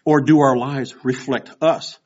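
A man's voice: medium pitch, unhurried. A man in his sixties preaching a sermon, telling stories and acting out quoted voices as he goes. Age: 60s. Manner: storytelling with animated quoted voices. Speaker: pastor. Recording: dull lo-fi recording.

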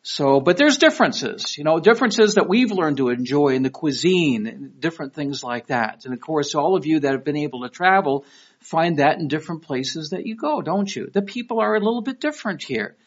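A man's voice: fairly high pitch, a little fast. A middle-aged man from Michigan with a Detroit accent, preaching a sermon in a conversational, storytelling way. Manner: conversational, storytelling with lively quoted voices. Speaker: pastor. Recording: dull lo-fi recording.

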